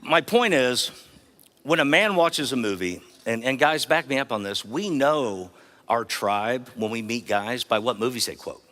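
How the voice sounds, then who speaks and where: A man's voice: mid-range voice, animated, unhurried, fairly bright tone. A middle-aged man giving a motivational keynote speech in an earnest, rhetorical manner, drawing the audience in. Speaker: keynote speaker.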